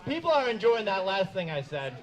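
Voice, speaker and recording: A man's voice: high voice, big pitch swings, fairly quick, rough recording. A man hosting an outdoor comedy show, making loose, chatty announcements between acts. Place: outdoor event.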